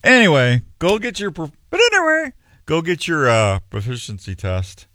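A man's voice: on the high side, sing-song, unhurried, bright, forceful tone, no room sound, clean studio sound. A middle-aged man hosting a show in a rambling, folksy, self-mocking way. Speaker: radio show host. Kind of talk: casual on-air chat.

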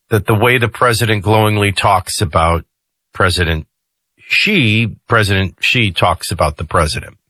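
A male talk radio host speaks in a forceful, somewhat husky voice with a low pitch. He talks in a loose, conversational way and throws in jokey asides. The sound is close and dry, straight from a studio mic. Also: no room sound.

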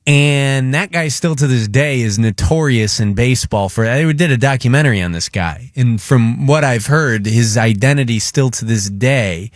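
A man's voice: medium pitch, moderate pace, few pauses, dry recording, studio quality. A man hosting a radio show, talking sports in a casual, joking, rambling way.

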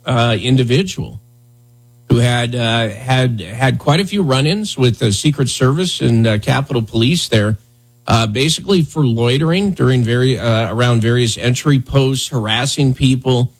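A man hosts a morning talk radio show from the studio, chatting loosely and mocking the news with a sarcastic, joking tone. His voice is somewhat husky, at an everyday pitch. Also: normal speed, low-quality recording.

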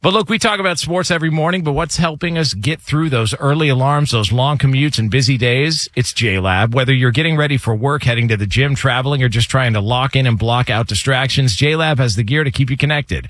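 A man hosting a sports radio show, moving from laughing banter into a smooth sponsor read. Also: medium pitch, fairly quick, hardly any pauses, a bit bright, no echo. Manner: upbeat, laughs often, smooth promo reads.

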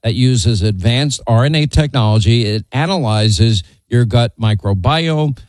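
A man reading a sponsor ad on a radio show in a smooth, salesy way. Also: mid-range voice, lively intonation, unhurried, a little mellow, dry recording, rough recording. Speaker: host reading an ad. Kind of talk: ad read.

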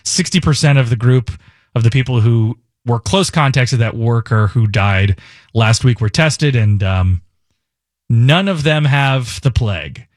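Clean studio-quality sound with no room sound carries a man's mid-range, slightly slow voice. He's a stand-in radio host whose casual talk rambles, jokes around and keeps self-correcting.

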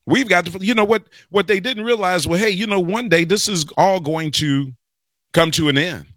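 A man hosting a talk radio show, rambling through an animated political monologue and calling listeners y'all and guys. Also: sits high, normal speed, dry recording. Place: radio studio.

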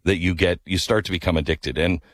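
A man hosting a talk radio show, telling a story in a casual, animated way and rising into incredulous outbursts. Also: sits low, a little fast, dry recording.

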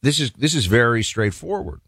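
A man's voice: mid-range voice, sing-song, normal speed, a bit bright, breathy edge, dry recording. A man hosting a talk show, giving an emphatic, opinionated monologue with folksy asides to the listeners.

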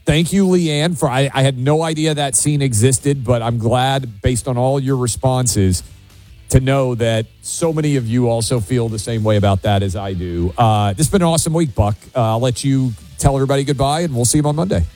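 A man's voice: mid-range voice, a little fast, darkish tone, soft background music. A man co-hosting a radio talk show and taking calls, chatty with frequent restarts. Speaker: radio host.

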